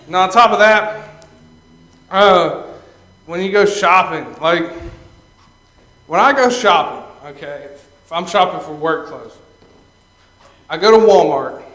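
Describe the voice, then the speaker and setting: This young comedian works through a stand-up set of stories at a live venue, ending lines with "okay?" and cracking himself up. The voice is a little high with a fairly bright tone, captured in an echoey room.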